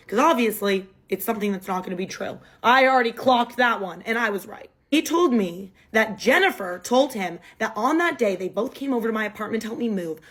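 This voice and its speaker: A young woman retelling a personal drama in an animated, exasperated way, acting out her own quoted lines. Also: on the high side. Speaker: storyteller. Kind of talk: storytime vlog.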